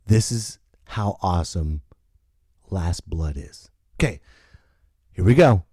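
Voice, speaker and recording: A man's voice: deep voice, lively intonation, slow pace, warm tone, slightly rough, dry recording, clean studio sound. A man hosting a comedy podcast, ranting about a movie in an exaggerated, profane way. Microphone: podcast mic.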